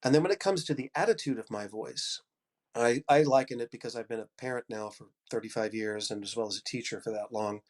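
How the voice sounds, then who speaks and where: A man's voice: medium pitch, fairly quick, darkish tone. A man in his fifties, an audiobook narrator and coach giving a talk, with a head cold and a generous, upbeat, encouraging way of speaking. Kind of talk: conference talk.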